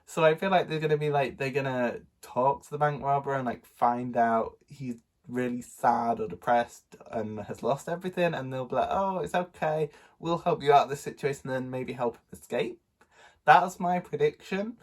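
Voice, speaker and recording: A man's voice: mid-range voice, steady tone, moderate pace. A man with a nasal, stuffy voice from a cold, chatting casually about books he bought, rambling with lots of ums and little laughs. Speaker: book vlogger. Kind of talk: casual book haul vlog.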